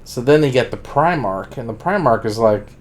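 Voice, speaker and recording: A man's voice: medium pitch, lively intonation, moderate pace. A man streaming a casual, rambling monologue about books, full of "like" and blunt profane asides.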